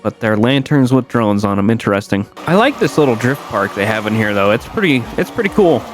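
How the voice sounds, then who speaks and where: A young man giving casual, rambling commentary over a car video game, correcting himself often and jumping up in pitch when something surprises him. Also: very animated, a little fast, over music. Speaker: gaming YouTuber.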